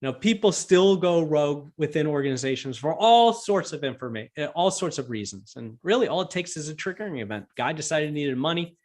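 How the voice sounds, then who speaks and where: A man telling a story with lively amusement, full of fillers and restarts, speaking remotely for a virtual event. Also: on the high side, a little fast, hardly any pauses. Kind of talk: animated storytelling.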